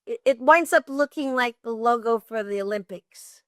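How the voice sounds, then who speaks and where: An older woman telling lively, expressive stories as an interview guest, often laughing. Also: on the high side, normal speed, no room sound, clean studio sound. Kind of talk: animated storytelling.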